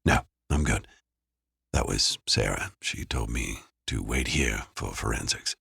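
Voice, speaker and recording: A gruff, guarded detective who keeps his answers short, as a male narrator drops into a deeper register for him. The voice is very low and understated. The recording is close and dry. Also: unhurried, a bit bright, no room sound, full character voice. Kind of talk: audiobook character voice. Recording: dry close studio sound.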